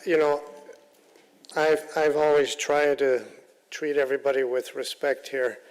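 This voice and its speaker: A male council member giving halting, plain-spoken remarks at a council meeting, often repeating himself. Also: medium pitch, steady tone, long reverb tail, poor audio. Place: council chamber.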